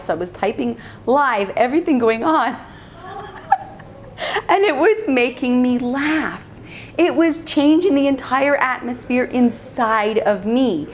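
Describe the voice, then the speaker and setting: A woman's voice: mid-range voice, slight background noise. A middle-aged mother telling a family story casually and animatedly, laughing often. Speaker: parenting vlogger, mother.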